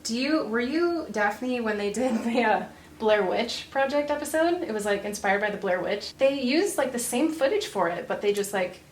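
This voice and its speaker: A woman's voice: a little high, lively intonation, normal speed, a little hiss or hum. A woman hosting a casual chat, bubbly and enthusiastic. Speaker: beauty vlogger, host. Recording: echoey room.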